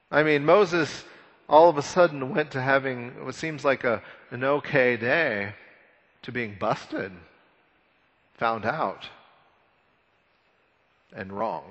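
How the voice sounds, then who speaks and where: A man preaching a sermon, retelling a scripture story in a conversational, animated way with frequent repeated words. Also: medium pitch, takes it slowly, long pauses, slightly rough, in a large hall, highs cut off. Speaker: pastor.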